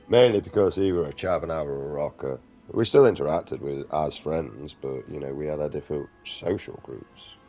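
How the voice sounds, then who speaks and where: A man's voice: rumbling low, a little mellow. A man ranting casually and profanely over gameplay, rambling between stories and mocking jabs. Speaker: gaming vlogger.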